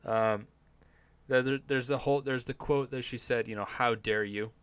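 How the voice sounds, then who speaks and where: This podcast host, a man running his show as a live stream, meanders along in a sardonic, profane way, constantly using fillers and restarting sentences. He has a medium-pitched voice with fairly even intonation, a normal speed and a clean tone, recorded dry.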